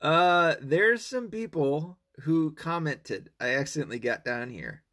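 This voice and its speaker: A man's voice: fairly high pitch, expressive, a little slow, sharp tone. A man talking casually in a long, rambling monologue, swearing often and stumbling through fillers and restarts. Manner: reads online comments aloud with mocking asides.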